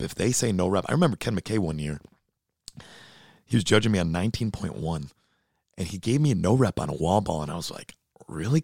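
A man co-hosting a casual fitness chat, blunt and animated, who gets fired up while he talks. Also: deep voice, vocal fry, no room sound, clean studio sound.

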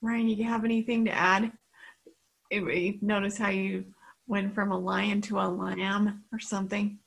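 A woman's voice: mid-range voice, little pitch movement, measured pace, creaky, breathy edge, rough recording. A woman hosting a group talk, encouraging the participants and thanking them. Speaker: group host.

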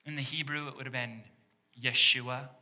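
Bright-voiced male pastor preaching. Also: medium pitch, unhurried. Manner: animated, dropping to a hushed near-whisper for emphasis; engages the congregation directly. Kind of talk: sermon.

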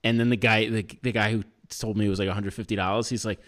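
A man's voice: fairly low pitch, little pitch movement, quick pace, fairly bright tone. A man co-hosting a podcast, telling a story in casual chat, acting out other people's lines and swearing for emphasis. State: self-employed, married. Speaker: podcast co-host.

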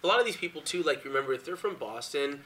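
A man's voice: a little high, expressive, fast, crowd noise. A man co-hosting a sports podcast, bantering playfully in casual chat. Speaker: podcast co-host.

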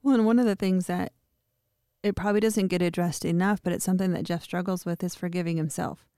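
A woman co-hosting a faith podcast, speaking calmly and reflectively. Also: lowish voice, quick pace, no room sound, studio quality. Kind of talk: casual faith chat.

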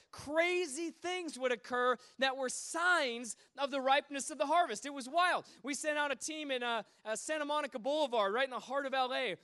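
Animated high-voiced male preacher. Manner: animated, acts out quoted voices. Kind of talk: sermon storytelling.

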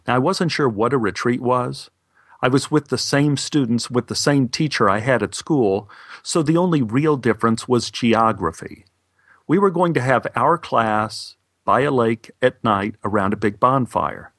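A man from Texas recounts a personal story in a wry, matter-of-fact way. His voice sits at a middle pitch. The recording is close and dry. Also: moderate pace, a bit bright, no room sound. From Texas, USA.

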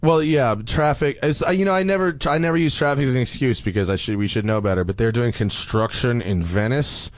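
A man's voice: mid-range voice, fairly quick, hardly any pauses, dry recording. A man hosting a car podcast, chatting loosely with profanity and jokes. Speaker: podcast host. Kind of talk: casual chat.

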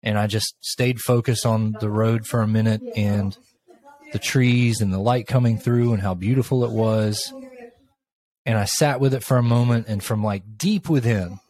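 A middle-aged man co-hosting a podcast, telling a personal story in a thoughtful, unhurried way with pauses. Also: lowish voice, a little mellow. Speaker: podcast co-host. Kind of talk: reflective casual conversation.

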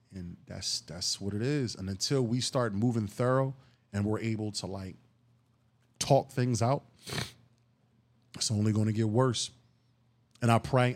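A Philadelphia man hosts a solo podcast monologue in a lowish, darkish voice. He talks emphatic, profane street talk, cussing freely, with heated bursts that rise into outbursts.

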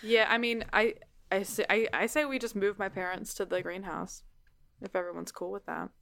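A woman's voice: medium pitch, fairly even intonation, vocal fry, fairly bright tone. A woman playing a tabletop game, playful and joking. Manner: playful, quick to laugh. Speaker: player.

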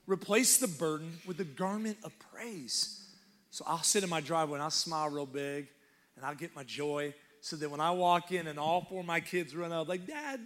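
Bright, lively young preacher man. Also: sits high. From Texas. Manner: animated, joking preacher calling for crowd response. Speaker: guest pastor. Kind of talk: energetic sermon. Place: church auditorium.

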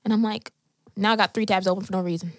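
A young woman co-hosting a podcast, talking in a casual, animated way and telling stories expressively. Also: mid-range voice, no room sound. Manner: animated storytelling, quick and expressive. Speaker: podcast co-host. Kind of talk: casual chat.

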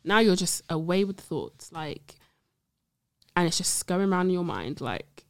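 A woman's voice: lowish voice, very animated, moderate pace, no echo. A young woman, a trainee psychologist, talking casually in an interview, rambling with many "like"s and checks that she is understood. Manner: rambling, says "like" and "do you see what I mean" often.

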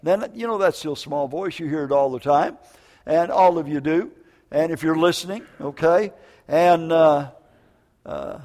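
Older preacher in a ringing hall. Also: male voice, fairly high pitch, unhurried, darkish tone. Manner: emotional folksy storytelling, frequent "man" and "okay?". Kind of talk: sermon with personal testimony. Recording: long hall reverb.

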